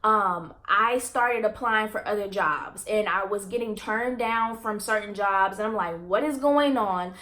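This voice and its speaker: A woman's voice: medium pitch, steady tone, measured pace, hardly any pauses, bright, forceful tone. Give me an earnest young woman with a mid-range voice telling her viewers a personal story. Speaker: vlogger.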